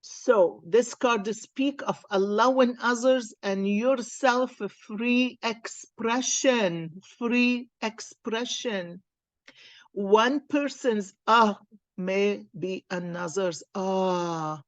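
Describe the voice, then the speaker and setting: A woman reads the cards and shares a story at an unhurried, deliberate pace. Her manner is earnest and encouraging, recorded close and dry with no room sound. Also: mid-range voice, dry recording. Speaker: card reader. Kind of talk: casual spiritual storytelling.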